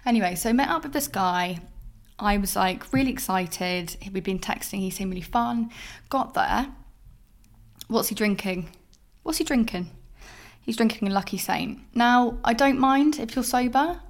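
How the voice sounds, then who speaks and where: A young woman hosting a casual solo podcast, talking candidly in a rambling way full of "like" from her flat. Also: on the high side, normal speed. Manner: candid, rambling, heavy use of "like". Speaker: podcast host.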